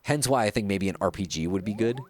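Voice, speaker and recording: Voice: deep voice, fast, a little mellow. A gaming streamer giving chatty, giggly play-by-play commentary with lots of fillers. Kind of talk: casual gameplay commentary.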